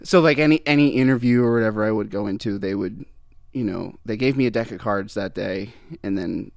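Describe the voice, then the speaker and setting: A man's voice: fairly low pitch, fairly quick, creaky, no room sound. A young man, a guest singer-songwriter, telling a story in casual chat, rambling and restarting, often laughing. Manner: rambling, self-interrupting, laughs through stories.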